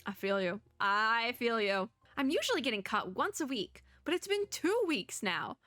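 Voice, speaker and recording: A woman giving giggly, animated gameplay commentary as she reads game dialogue aloud. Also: high voice, normal speed, no echo, clean studio sound. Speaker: game streamer.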